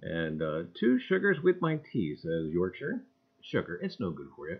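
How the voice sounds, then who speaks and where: A man hosting a casual livestream, greeting viewers one by one with exuberant shouts and leaning on catchphrases like "gang" and "I tell you.". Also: wildly swooping pitch, measured pace, gravelly, highs cut off. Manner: exuberant, greets chatters one by one with sudden loud jumps in pitch. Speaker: livestream host.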